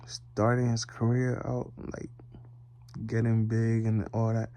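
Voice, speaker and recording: Sleepy man with a very dark voice. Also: medium pitch, monotone, slow pace. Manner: rambling and drowsy, drifting into near-whispers. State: sleepy, yawning. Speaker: vlogger. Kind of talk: casual late-night monologue. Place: bedroom, lying in bed.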